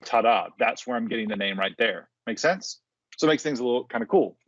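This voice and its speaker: A man's voice: mid-range voice, animated, dull audio. Casual man giving a live tech demo. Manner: casual, quick asides and restarts. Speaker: presenter at a developer community call.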